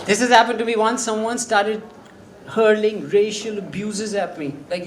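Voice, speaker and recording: A young man from India with an Indian English accent, doing a deadpan, profane stand-up set with mock-menacing punchlines. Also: high-pitched, moderate pace, a little hiss or hum. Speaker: stand-up comedian. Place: comedy club stage with audience. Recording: echoey club, loud crowd laughter.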